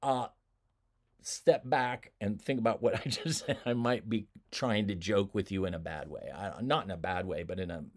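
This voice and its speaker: A man giving a recorded lecture as a college instructor, easygoing and joking, with frequent laughs and asides and big swings in pitch and loudness. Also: normal speed, hardly any pauses.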